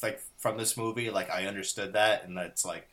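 A man with a bright, forward voice, chatting casually about movies with friends. He tells stories animatedly, laughs easily, and drops into other people's voices as he goes. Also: on the low side, fairly even intonation, normal speed. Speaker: podcast co-host.

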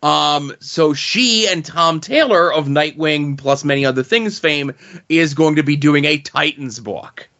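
A man's voice: a little high, a little slow, bright, forceful tone, muffled recording. A man co-hosting a comics podcast in casual chat, rambling with lots of fillers. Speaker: podcast co-host.

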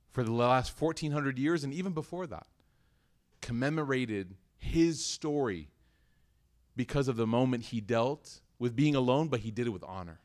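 Male religious lecturer, earnest and emotive storyteller, mid-pitched. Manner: earnest, emotional, acts out quotes, recites Arabic verses. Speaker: Islamic teacher.

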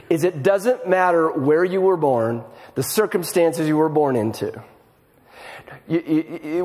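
Middle-aged pastor preaching, chatty and animated, repeats himself, voice a bit high, long echo in a big church hall. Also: male voice. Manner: conversational, animated, repeats words when starting sentences. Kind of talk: sermon.

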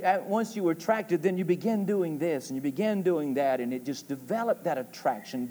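A man's voice: high voice, warm tone. A man preaching a sermon in a folksy, joke-telling way, building to emphatic calls for an amen. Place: church sanctuary. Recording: long reverb of a church hall.

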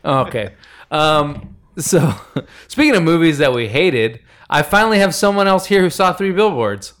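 A man's voice: on the high side, lively intonation, unhurried, fairly bright tone. A man hosting a casual podcast chat, talking in a wry, joking, sardonic way.

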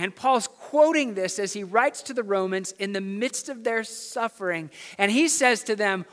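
A man's voice: high voice, moderate pace, few pauses, a bit bright, in a large hall. A man preaching a sermon as pastor in a church, building his points through emphatic repetition. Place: church sanctuary.

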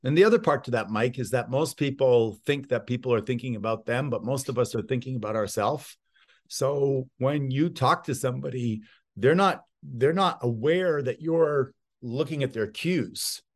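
Middle-aged man, medium pitch, conversational interview, animated storyteller. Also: moderate pace. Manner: animated storyteller, acts out quoted voices. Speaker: real estate guest expert.

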